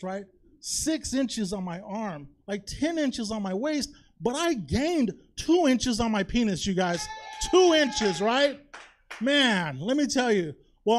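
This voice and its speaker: A man with a high-sitting voice performs a chatty, confessional stand-up set on a comedy theater stage. He constantly tosses in "you know?" and "right?"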